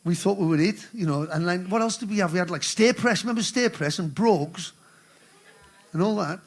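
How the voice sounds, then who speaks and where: Older man, high-pitched, rambling live stage banter with swearing, faint guitar under him. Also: a little fast. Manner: rambling, swearing, joking with the crowd. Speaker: musician hosting a charity concert.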